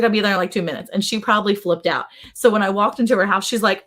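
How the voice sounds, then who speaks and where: A middle-aged woman hosts a relaxed live-stream chat, telling family anecdotes in an average-pitched voice. She talks with animation and laughs easily. She also pops her voice way up whenever she quotes a relative. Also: fast talker. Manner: animated storyteller who acts out relatives' lines in a raised voice; laughs often while talking. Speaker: host.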